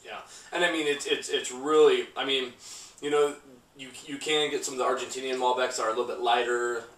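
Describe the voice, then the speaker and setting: Guy from a winery rambling about wine, lots of uh and restarts, bright tone, roomy sound from a distant mic, bit of background hiss. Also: medium pitch, steady tone. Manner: halting, many restarts and fillers. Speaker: winery guest. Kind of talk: casual wine tasting chat.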